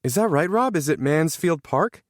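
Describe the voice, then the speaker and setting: A man's voice: on the high side, expressive, normal speed, no echo, studio quality, pitched above the performer's own voice, natural voice. A man voicing a composed teenage girl in a lifted, light voice.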